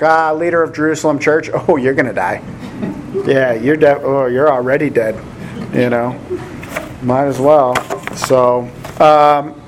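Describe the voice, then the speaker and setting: American guy telling stories in a laid-back sermon, slightly high voice, laughs a lot, faint noise behind. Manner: chatty, rambling, laughs often. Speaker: Bible teacher. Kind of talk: casual sermon with anecdotes.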